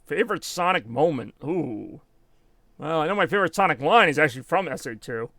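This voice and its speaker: A man's voice: on the high side, expressive, fairly quick, sharp tone, dry recording. A man in his thirties giving rambling live commentary on a game, laughing often. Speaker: game streamer.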